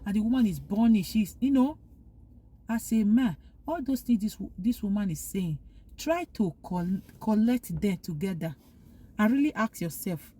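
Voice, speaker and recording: A woman's voice: mid-range voice, animated, normal speed, dark tone, slightly rough. A woman vlogger talking earnestly, giving heartfelt advice and repeating her points for emphasis. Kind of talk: casual opinion monologue.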